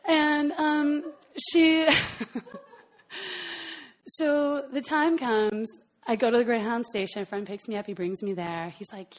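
A woman telling a personal story in an animated way, often laughing between phrases. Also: a little high, slow. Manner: animated, laughs often, lots of fillers and asides.

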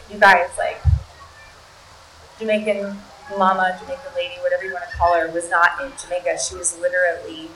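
A woman in her thirties telling a personal story to an audience in a chatty, animated way, full of "like". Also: fairly low pitch, a little fast, echoey room, distant mic, slight background noise, rough recording. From United States (Maryland). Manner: chatty, animated, heavy use of "like".

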